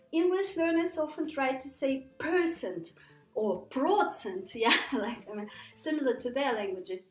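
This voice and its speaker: A woman with a high, very lively voice gives a pronunciation lesson, taking her time and repeating each word for learners. Her voice rings a little in a roomy space. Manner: patient, repeats words slowly for learners. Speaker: English pronunciation teacher.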